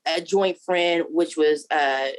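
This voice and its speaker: A woman's voice: low-pitched, slow pace, clear, resonant tone. A woman in her thirties, a football player and guest, chatting casually and acting out quotes as she tells stories. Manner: animated storyteller, acts out quotes. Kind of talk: casual interview chat.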